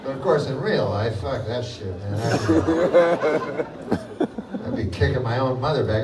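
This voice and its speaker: Deadpan rambling comedian, live crowd. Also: male voice, medium pitch, normal speed, long pauses. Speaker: stand-up comedian. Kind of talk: live stand-up set. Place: live comedy venue with audience. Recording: echoey room from far off with loud crowd noise.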